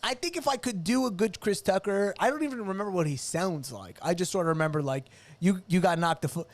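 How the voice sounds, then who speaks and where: A man with a somewhat high voice, trading sarcastic jokes on a comedy podcast. He riffs quickly and breaks into mock-angry rants, speaking close to a studio microphone. He is from the United States. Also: expressive. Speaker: podcast co-host. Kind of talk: casual comedic podcast banter.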